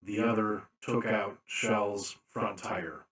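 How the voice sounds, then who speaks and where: Low, slow-talking male game master. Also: a bit bright, roomy sound. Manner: slow, deliberate narration with fillers. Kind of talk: narrating a tabletop game.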